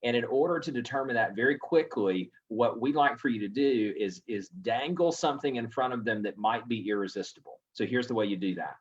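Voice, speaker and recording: A man's voice: mid-range voice, brisk, hardly any pauses, breathy edge. A man hosting a real estate coaching webinar, teaching sales scripts and acting out buyer replies with animation. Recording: dull lo-fi audio.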